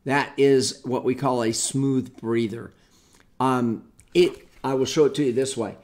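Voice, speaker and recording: Here a man with a mid-range, darkish voice and a steady tone goes a little slowly through an informal Bible study on Greek grammar. He explains step by step, rambling and muttering to himself while he hunts through a book.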